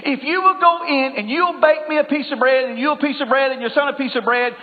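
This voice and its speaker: Calm prophet, as a male preacher puts him on, polite and gently insistent, high voice, echoey church, tinny line. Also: brisk. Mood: reassuring. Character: prophet, grown man, calm and reassuring.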